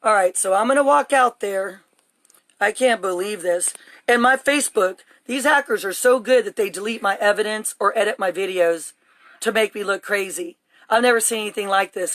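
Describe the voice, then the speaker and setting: The dry recording captures a woman livestreaming on her phone from her home, her medium-pitched voice a bit bright and at normal speed. She talks in an agitated, urgent, rambling way.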